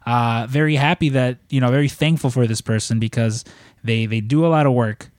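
A male podcast co-host with a mid-range voice talks briskly and casually, rambling through long run-on intros packed with fillers. The recording is studio quality with no room sound.

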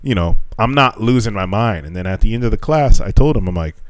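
A man co-hosting a casual podcast chat, telling animated teaching stories, swearing freely and acting out quotes. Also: fairly low pitch, quick pace, no echo.

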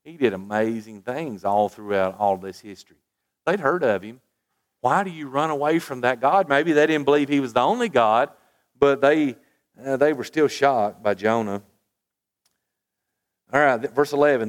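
A man's voice: mid-range voice, unhurried. A man preaching a sermon, reading scripture aloud with emphasis and putting rhetorical questions to his listeners. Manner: reads scripture aloud with rising emphasis, then drops to quiet asides; asks the congregation rhetorical questions.

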